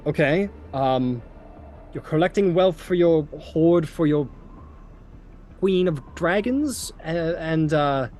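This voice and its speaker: A man's voice: a little high, expressive, takes it slowly, darkish tone, voice pushed up. A man voicing a formal male town governor questioning a prisoner.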